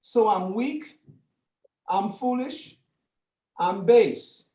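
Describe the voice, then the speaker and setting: An older man teaching scripture in a classroom, animated, with frequent profanity and street slang. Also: high voice, drawn-out words, reverberant.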